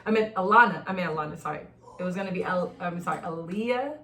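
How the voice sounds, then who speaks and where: A woman hosting a casual podcast chat, telling stories in an animated way with bursts of laughter. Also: fairly low pitch, quick pace, a little hiss or hum. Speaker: podcast host. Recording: echoey room, mic at a distance.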